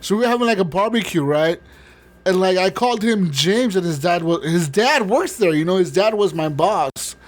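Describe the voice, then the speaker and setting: A man's voice: high voice, lively intonation, normal speed. A man hosting a gaming podcast in casual chat, rambling and swearing often, laughing as he talks. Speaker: podcast host.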